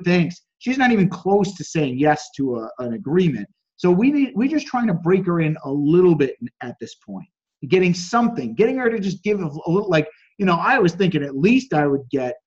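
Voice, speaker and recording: A man coaching on a group call, reading out chat messages, critiquing them, and acting out quoted lines. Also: highs cut off. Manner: acts out quoted dialogue with lively pitch jumps. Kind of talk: casual teaching on a group call.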